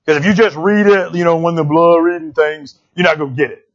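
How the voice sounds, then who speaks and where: A male pastor preaching a sermon in a church, animated and conversational, often checking in with "right?". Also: on the high side, a little fast, muffled recording.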